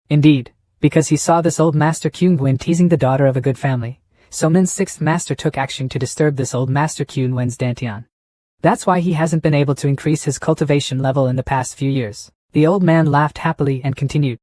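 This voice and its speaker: A man's voice: fairly high pitch, brisk, warm tone, no echo, clean studio sound. Man narrating a story recap.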